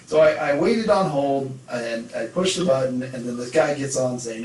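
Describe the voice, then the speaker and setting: A man co-hosting a podcast who does taxes, telling stories in lively casual chat. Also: mid-range voice, moderate pace, echoey room, far from the mic, slight background noise, poor audio. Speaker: podcast co-host, tax preparer.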